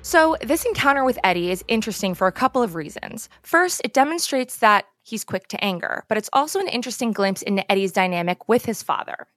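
Female podcast host, mid-pitched, measured scripted narration, dry booth sound. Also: expressive, fairly bright tone, no room sound. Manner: measured, explanatory. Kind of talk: scripted true-crime narration.

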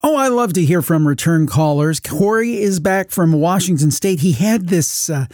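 A man hosting a call-in podcast, introducing a returning caller in a friendly, relaxed way with a few hesitant fillers. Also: a little high, moderate pace, dry recording, clean studio sound. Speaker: podcast host.

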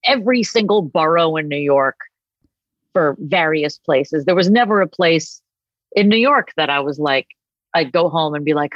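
Podcast guest, middle-aged woman, comedic storyteller, lowish pitch, dull close recording. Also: normal speed, no room sound. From Boston area. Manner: animated storytelling, acts out voices. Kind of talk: casual chat.

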